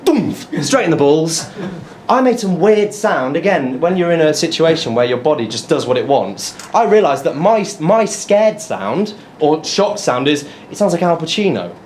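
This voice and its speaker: Animated young comedian on stage. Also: male voice, fairly high pitch, normal speed, slight background noise. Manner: animated storytelling, acting out his own lines. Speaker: stand-up comedian. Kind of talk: stand-up comedy set. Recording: echoey room, audible crowd. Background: audience laughter.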